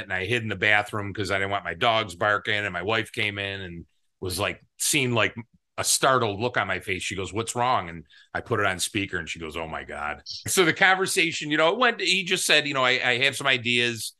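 A man with a fairly low but bright, forceful voice, appearing as a podcast guest. He tells his story with rambling excitement and acts out the lines of the people in it. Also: brisk. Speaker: guest, soda business owner. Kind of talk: storytelling in an interview.

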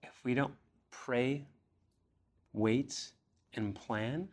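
A man's voice: medium pitch, fairly even intonation, drawn-out words, darkish tone. A young man preaching a sermon, reading scripture aloud and pressing his listeners with earnest questions, rising in emphasis on key phrases. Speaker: pastor.

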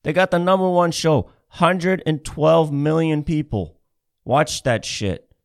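A man's voice: a little high, slow, creaky. A man doing a comedic rant, sarcastic and swearing heavily, repeating himself as he builds up steam. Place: Ontario, Canada.

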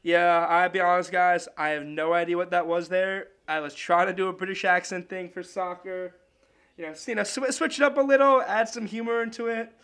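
Man, high voice, sports podcast host, casual and rambling. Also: steady tone, brisk, fairly bright tone, smooth. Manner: loose, chatty, rambling with restarts.

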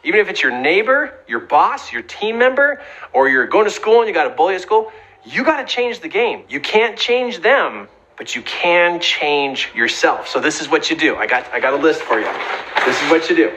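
Middle-aged man, motivational talk, earnest and emphatic, bright tone, animated delivery. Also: on the high side, normal speed, rough recording. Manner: earnest, emphatic, acts out quoted voices. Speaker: speaker giving advice on bullying.

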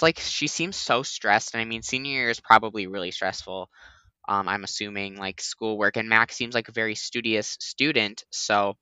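A man's voice: mid-range voice, pushed and bright, clean tone, no echo. A man hosting a podcast, chatting casually and rambling with lots of "like". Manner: rambling, heavy use of "like". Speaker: podcast host. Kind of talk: casual chat.

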